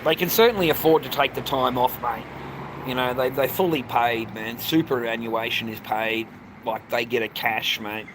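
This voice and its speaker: A man's voice: medium pitch, fairly even intonation, moderate pace. Rambling Australian man by a busy road. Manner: rambling, swears, says "mate" constantly. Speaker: live streamer. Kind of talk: casual live-stream chat. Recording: noisy outdoor traffic.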